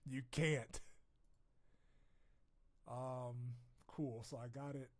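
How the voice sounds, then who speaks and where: A man streaming live and chatting casually with viewers, profane and quick to laugh, swinging between loud outbursts and low mumbles. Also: fairly even intonation.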